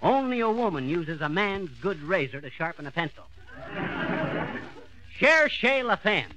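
A man's voice: a little high, animated, slow pace, noisy background. A man playing a boastful small-town braggart in a 1940s radio comedy, folksy and blustering. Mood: bragging. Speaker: comedy lead.

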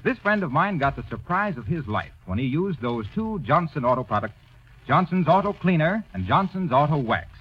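A man's voice: on the high side, very animated, normal speed. A man announcing a persuasive 1930s radio advertisement. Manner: smooth, persuasive salesman delivery. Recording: lo-fi old radio broadcast.

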